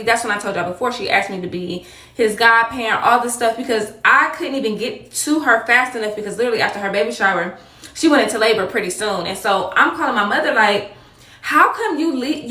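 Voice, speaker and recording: A woman telling a personal story in a casual storytime monologue, animated and talking straight to her viewers. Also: fairly high pitch. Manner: animated, addresses viewers as y'all. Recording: echoey room, voice a bit far from mic.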